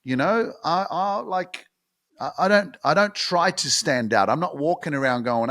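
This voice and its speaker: A man's voice: fairly high pitch, animated, a little slow, fairly bright tone. A young man from Australia hosting a motivational podcast, talking bluntly and swearing freely.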